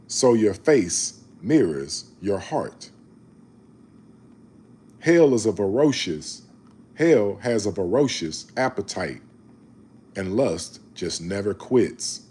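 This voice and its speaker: A man, reading scripture slowly and then talking about it in a casual, emphatic preaching way. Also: fairly low pitch, slightly rough. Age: 40s. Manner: slow measured reading, then animated, emphatic street-talk commentary. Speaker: online Bible reader and commentator.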